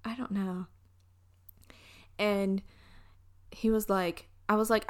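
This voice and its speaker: A woman's voice: mid-range voice, fairly even intonation, takes it slowly. A young woman from Alabama with a Southern accent, hosting a casual solo podcast and rambling through a story with frequent restarts. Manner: rambling, chatty, trails off and restarts. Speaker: podcast host.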